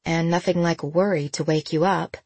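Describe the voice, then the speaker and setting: A woman voicing an elderly aunt who is brisk, blunt and fussing in an audiobook. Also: low-pitched, steady tone, darkish tone, slightly rough, no room sound.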